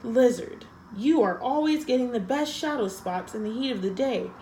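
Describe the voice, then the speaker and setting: A woman's voice: fairly high pitch, expressive, moderate pace, warm tone, slight background noise, lightly acted, poor audio. A woman reading an impatient snake. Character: irritable hungry male snake.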